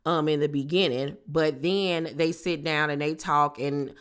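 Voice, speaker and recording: A woman recapping a reality TV episode in a casual, animated, gossipy way, with slangy exclamations. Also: sits low, measured pace, clear, resonant tone. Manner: animated, gossipy retelling with acted-out quotes.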